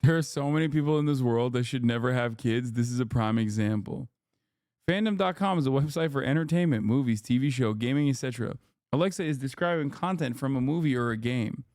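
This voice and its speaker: A man's voice: medium pitch, a little fast, darkish tone, no echo. A man hosts a livestream and reacts to online posts in a mocking, sarcastic tone. His voice is clean and resonant. The sound is dry and close, with no room around it. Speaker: livestream host.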